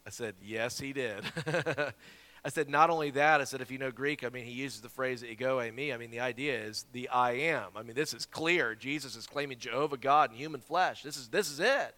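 A man from South Carolina, an evangelist preaching a sermon and telling a story with lively, repeated words. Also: mid-range voice, brisk. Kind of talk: sermon with Bible reading. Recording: long hall reverb.

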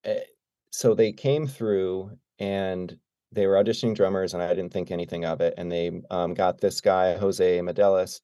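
Low-voiced man telling road stories. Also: normal speed, no echo. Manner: animated, acts out quoted dialogue. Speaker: guest drummer. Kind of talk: casual storytelling.

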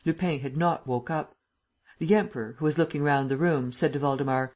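A reader narrates a classic adventure novel at a steady, measured pace. The voice has a husky, slightly breathy grain and sits at a middle pitch. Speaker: audiobook narrator. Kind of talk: scripted audiobook narration.

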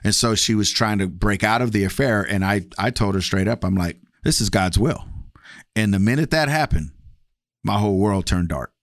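A man whose voice is on the low side talks at normal speed, captured in a clean studio with no echo. Sharing his personal testimony as a guest, he's candid and relaxed and acts out past conversations with changing voices.

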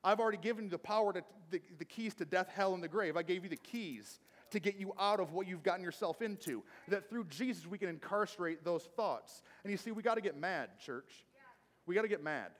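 A man's voice: sits high, brisk. A pastor preaching a sermon from the pulpit to his church, emphatic and repetitive, calling out to the congregation. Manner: emphatic, repetitive preaching with audience call-outs. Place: church sanctuary, speaking from the pulpit. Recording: long reverb of a church hall.

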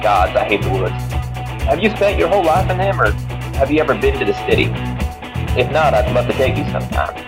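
A man's voice: mid-range voice, lively intonation, brisk, creaky, over music. A man voicing a crude, wisecracking male adventurer from the city, reading out his letter in a wry, teasing way that swears freely.

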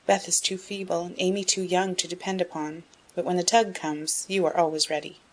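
A woman reading a gentle middle-aged mother in an audiobook, soft, measured and tender. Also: lowish voice, level tone.

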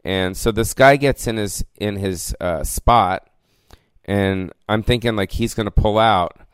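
A man's voice: fairly low pitch, unhurried, clear, resonant tone, no echo. Rambling, profane man on a solo podcast rant. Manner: rambling, profane, peppered with "you know what I mean". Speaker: podcast host. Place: lying down indoors.

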